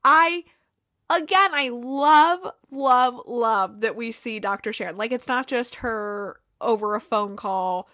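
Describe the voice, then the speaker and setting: A chatty young woman talks through an episode recap, lively and a little profane, slipping into playful voices when she quotes characters. Her voice sits fairly high and the sound is dry and close, with no room echo. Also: takes it slowly. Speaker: podcast host recapping a TV episode. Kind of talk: casual chat.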